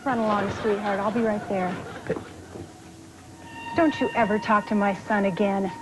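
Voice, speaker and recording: A woman's voice: mid-range voice, fairly even intonation, normal speed, noisy background, natural voice. Woman playing an indignant scolding mother. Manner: scolding, sharp. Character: indignant mother defending her young son.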